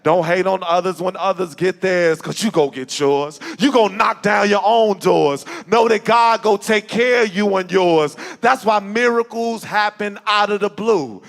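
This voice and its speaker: Male spoken-word poet, breathless and rhythmic, raspy-edged voice, live in an echoey sanctuary. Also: high-pitched. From Chicago. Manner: rhythmic, rhyming delivery with shouted peaks. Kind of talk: spoken-word poetry performance. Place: church sanctuary with live audience. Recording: echoey hall with audience.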